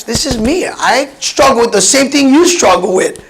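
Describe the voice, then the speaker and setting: A man in his fifties from Hawaii with a Pidgin-tinged accent, a comedian telling personal stories in an animated, chatty keynote speech. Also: extremely high pitch, normal speed, vocal fry, slightly rough, rough recording. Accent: Hawaiian Pidgin-tinged English. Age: 50s. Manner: animated, chatty, many restarts and laughs.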